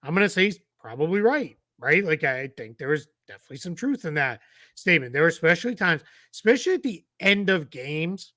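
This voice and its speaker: A man's voice: on the high side, very animated, a little fast, pushed and bright, no room sound, studio quality. A man in his forties, co-hosting a sports podcast in a chatty, jokey, rambling way. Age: 40s. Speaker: podcast co-host. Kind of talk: casual sports chat.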